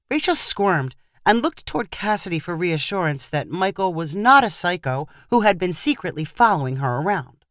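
A woman's voice: lowish voice, normal speed, no echo. Woman narrating a story, dry close sound. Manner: steady storytelling read. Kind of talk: scripted narration.

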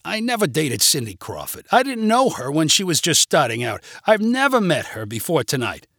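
A man's voice: a little high, wildly swooping pitch, moderate pace, gravelly, fairly bright tone, dry recording, clean studio sound, exaggerated voice. A man voicing a timid, sheepish middle-aged husband who pleads and makes excuses.

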